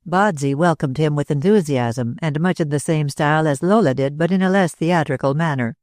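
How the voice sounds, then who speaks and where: A man narrating a classic novel as an audiobook reader, in a measured, even way. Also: on the high side, no room sound, clean studio sound. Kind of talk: scripted narration.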